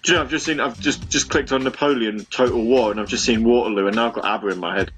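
Faint music plays behind a medium-pitched, slightly bright man who talks fast. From a room at home, he hosts an online radio show, chatting casually with listeners between songs. He rambles and mocks himself, full of fillers and restarts.

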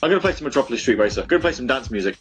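A man's voice: medium pitch, animated, racing. A young man hosts a homemade internet radio show, rambling and poking fun at himself. He is chatty and loose, stumbling through restarts. Faint music plays behind him. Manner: rambling and self-mocking, full of fillers and restarts. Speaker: online radio show host. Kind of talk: casual chat with listeners between songs. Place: home room.

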